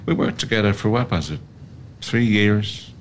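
An actor playing a smooth, menacing older male tobacco company boss in a film scene, with a put-on Southern US accent and veiled threats. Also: on the low side, moderate pace, slight background noise, natural voice. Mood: quietly menacing. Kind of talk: film drama acting.

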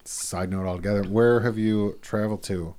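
Chatty male host, casual and profane, low pitch. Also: steady tone, normal speed, darkish tone. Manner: chatty, laughs often, swears casually. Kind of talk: casual chat.

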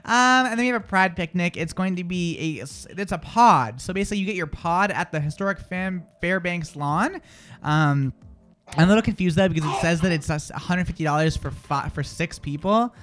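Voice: medium pitch, animated, normal speed, a bit bright. A radio co-host, chatting casually on air in a giggly, rambling, jokey way. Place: radio studio.

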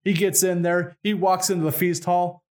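Brief: slightly high-voiced man, podcast co-host spinning a folk tale with crude jokes. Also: little pitch movement, darkish tone. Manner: irreverent, swears, fast retold dialogue. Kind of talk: casual comic storytelling.

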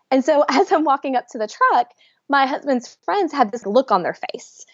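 A woman, a podcast guest, telling a story with lively acted-out quotes and frequent laughs. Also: sits high, quick pace, dry recording. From Georgia, US. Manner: animated, laughs often, acts out quotes. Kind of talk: storytelling in a casual interview. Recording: dry, dull lo-fi sound.

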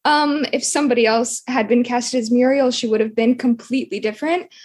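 A young woman, an actress, answering interview questions casually over a video call, chatty with frequent "like"s. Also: medium pitch.

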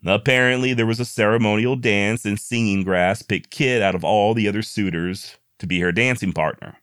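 A man with a drawl spins an old frontier yarn, folksy and wry, with joking asides. His voice sits on the low side and is close and dry. He sounds like a host talking straight to his listeners. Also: moderate pace, fairly bright tone, clear, resonant tone, dry recording. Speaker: history storyteller, host. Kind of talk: casual folksy storytelling.

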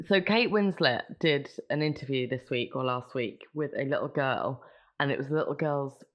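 An English woman from England co-hosts a podcast, chatting casually and gushing with giggles. Her voice rumbles low at a moderate pace, and the audio is dull and lo-fi.

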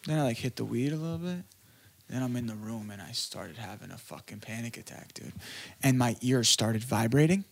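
A man telling a story as a podcast guest in casual chat, animated and full of swearing. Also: medium pitch, fairly quick, vocal fry, a little hiss or hum.

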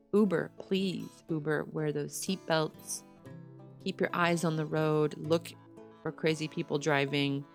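A woman hosting her own podcast in a casual solo monologue, chatty and enthusiastic, talking straight to her listeners, her voice a little hoarse. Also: sits low. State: slightly hoarse. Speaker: podcast host. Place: small home studio.

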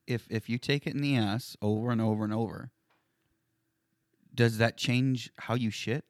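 A man's voice: medium pitch, fairly even intonation, moderate pace, no echo, studio quality. Giggly young man tossing out silly questions. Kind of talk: crude casual banter.

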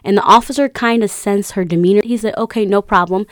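A woman's voice: medium pitch, fast talker, no echo. Woman, casual storyteller, chatty with fillers, dry close sound. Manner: chatty, retells with quoted voices and many fillers.

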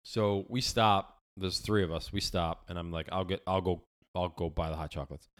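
A man's voice: low voice, normal speed. An American man in a casual chat, telling a profane story and acting out the people in it. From United States. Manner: profane storytelling, animated quoted voices.

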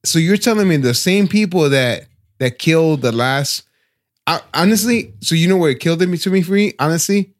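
A man's voice: on the high side, lively intonation, brisk. A man co-hosting a casual movie review podcast, emphatic and repetitive, swearing in nearly every sentence. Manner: emphatic, swears constantly, repeats himself. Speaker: podcast co-host.

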